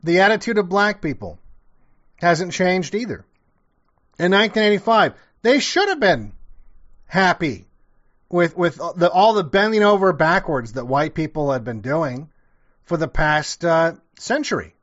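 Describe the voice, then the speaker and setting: A man's voice: high-pitched, lively intonation, unhurried, a bit bright, lo-fi sound. A man giving casual reaction commentary, rambling and profane, with sarcastic asides and many restarts. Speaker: commentator reacting to an old TV show.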